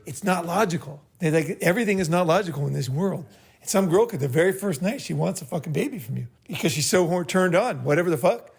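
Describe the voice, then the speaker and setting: A man's voice: high voice, animated, fast, gravelly, slightly rough. A man hosting a group meeting, giving blunt, profane advice in a rambling way and checking in with "right?" after each point. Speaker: host leading a group meeting. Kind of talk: casual group talk, advice.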